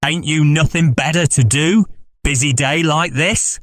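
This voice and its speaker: A man voicing a sharp-tongued, nagging middle-aged village innkeeper's wife in a storybook reading. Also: a little high, a little slow, no room sound, pitched above the performer's own voice, close to an everyday voice. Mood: scolding. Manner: scolding, nagging.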